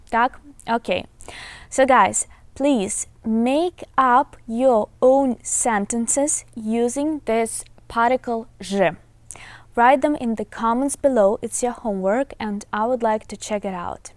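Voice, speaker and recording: Slow-talking Ukrainian-accented woman teacher. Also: fairly high pitch, no room sound. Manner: slow, careful teaching with frequent filler sounds. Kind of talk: video language lesson. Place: outdoors in a garden.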